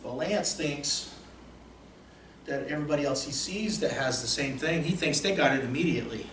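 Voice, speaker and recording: A man acting as a motivational coach, telling stories in an emphatic, repetitive way that swings between soft and loud. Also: a little high, moderate pace. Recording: roomy echo, distant mic, faint noise.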